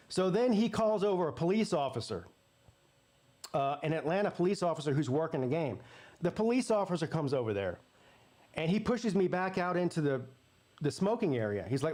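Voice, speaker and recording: A man's voice: on the high side, expressive, fairly quick, darkish tone. A man hosting a live sports watch party, telling a story in a casual way, swearing freely and acting out the voices he quotes.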